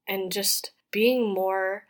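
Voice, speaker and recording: A woman's voice: medium pitch, steady tone, extremely slow. A woman in her twenties hosting her own podcast, talking in a chatty, heartfelt way, full of "like" and "you know.". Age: 20s. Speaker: podcast host. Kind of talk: casual personal podcast monologue. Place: apartment room in a city.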